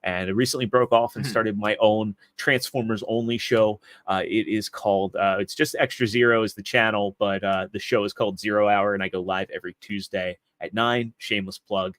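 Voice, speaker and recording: A man's voice: lowish voice, fairly even intonation, brisk, few pauses, fairly bright tone, dry recording. A man in his thirties, a podcast guest, telling long rambling stories with frequent restarts. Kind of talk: casual interview chat.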